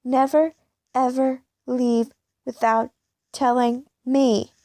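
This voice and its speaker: A woman's voice: on the high side, steady tone, moderate pace, vocal fry, dark tone, breathy edge, no echo, studio quality. A woman voicing a harsh, bossy teenage bully in a story reading, blunt and commanding.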